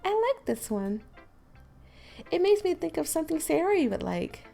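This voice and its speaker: A woman voicing a poised, gentle teen girl who leads a school club, speaking softly and sweetly. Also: very high voice, very animated, normal speed, gravelly, soft background music, pitched above the performer's own voice, heavily acted. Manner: soft, sweet and friendly. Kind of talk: voice acting a visual novel.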